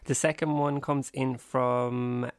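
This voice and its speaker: A man's voice: mid-range voice, little pitch movement, slow pace, no echo. A man co-hosting a podcast, teasing and sarcastic in casual banter. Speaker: podcast co-host.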